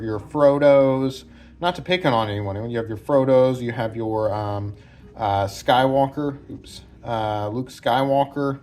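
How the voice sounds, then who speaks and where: A man's voice: medium pitch, a little mellow. A man casually analyzing a film's characters at home, rambling with many fillers and restarts. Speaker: film analysis host. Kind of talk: casual spoken film breakdown. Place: home room with branches hitting the roof.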